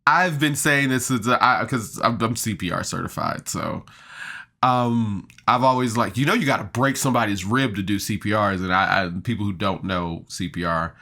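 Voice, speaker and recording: At normal speed and in a lowish, pushed, bright voice, a podcast reviewer chats enthusiastically through a tabletop game episode recap, laughing and dropping fillers.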